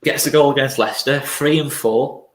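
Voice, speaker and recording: A man's voice: medium pitch, fairly even intonation, moderate pace, reverberant. A man co-hosting a casual football chat, joking and laid-back, tired late at night. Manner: chatty, joking, laid-back with filler ums. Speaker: fan channel co-host.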